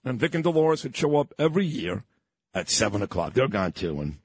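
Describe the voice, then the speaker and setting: A middle-aged man from Brooklyn, hosting a morning radio show and reminiscing in a sentimental, halting way. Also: mid-range voice, very animated, slightly rough, no echo. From Brooklyn, New York. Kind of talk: radio talk show chat.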